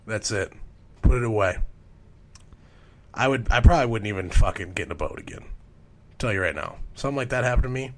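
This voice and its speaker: A man hosting a podcast, telling stories in a casual, rambling way and swearing constantly. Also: fairly low pitch. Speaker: podcast host.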